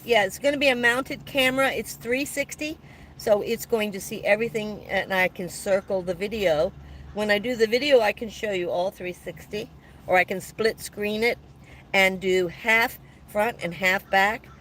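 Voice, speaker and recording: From her van, a chatty livestream host in her seventies reads viewer comments in a casual live chat, offering warm thanks and laughing frequently. Her mid-range voice keeps a moderate pace. There's slight background noise and the audio is poor.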